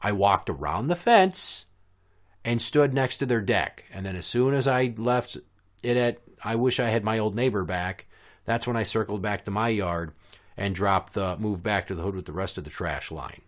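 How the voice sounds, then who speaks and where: A man's voice: lowish voice, moderate pace. A man hosting a podcast, telling a story in a blunt, sarcastic, profane rant. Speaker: podcast host. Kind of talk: casual ranting storytelling.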